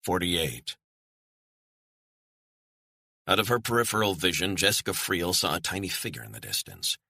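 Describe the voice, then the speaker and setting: A man reading a thriller audiobook in measured, storytelling narration. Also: low voice, lively intonation, creaky, bright, forceful tone, breathy edge, no room sound.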